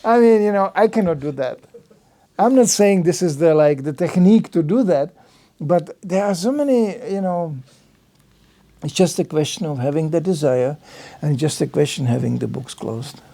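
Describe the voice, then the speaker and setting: A man's voice: fairly high pitch, animated, normal speed, dark tone. An older man giving an informal religious talk at a temple, telling anecdotes with slightly non-native phrasing and acting out other people's lines in changed voices. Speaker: visiting lecturer at a temple.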